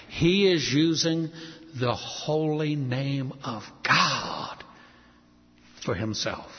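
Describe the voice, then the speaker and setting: Emphatic male preacher with a slightly high, lively voice. Sermon recorded in a reverberant hall on dull, lo-fi audio. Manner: emphatic, rhetorical questions, dramatic swings in loudness. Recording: dull, echoey hall sound.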